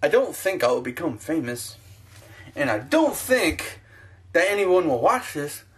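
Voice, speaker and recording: A man's voice: fairly high pitch, lively intonation, a little slow. A man ranting in a profane, self-mocking sports vlog, talking to his own camera at home. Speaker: sports vlogger.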